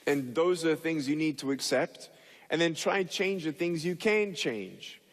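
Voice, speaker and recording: An animated man giving a motivational talk with a slightly high voice. He tells funny stories and leaps into the voices of the people in them. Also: moderate pace, long reverb tail. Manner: animated, acts out the people in his stories with big voice jumps. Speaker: motivational speaker. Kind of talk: humorous storytelling talk.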